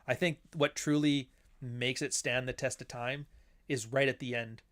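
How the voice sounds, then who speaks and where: A man in casual film commentary, rambling from one thought to the next. His voice sits at an ordinary middle pitch. He swears freely and slips into quoted lines as he goes. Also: steady tone, measured pace, a bit bright. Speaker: author and host.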